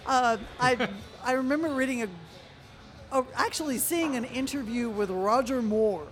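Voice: high voice, moderate pace. A co-host in a casual chat, telling stories with frequent chuckles, with faint music under the talk. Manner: chuckling storyteller.

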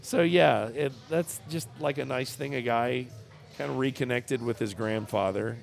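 A man's voice: medium pitch, moderate pace, creaky, faint music behind. A man co-hosting a casual chat, reading a news story aloud in a jokey way and laughing often. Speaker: podcast co-host.

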